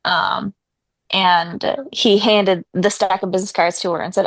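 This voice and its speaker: A woman's voice: medium pitch, unhurried, dry recording. A young woman co-hosting a casual chat, retelling a film's plot and acting out the characters' lines. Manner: animated, acts out characters' lines.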